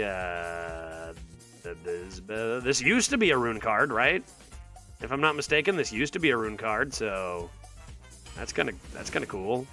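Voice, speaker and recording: A man giving live commentary on a card game to his chat, thinking aloud with exasperated sarcasm. His pitch swings widely and his tone is bright and forceful. Faint music plays behind him. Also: creaky. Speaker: streamer.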